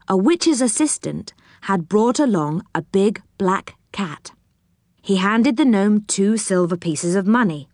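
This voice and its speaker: Slow gentle woman storybook narrator. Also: mid-range voice, expressive, no room sound, studio quality. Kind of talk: storybook reading.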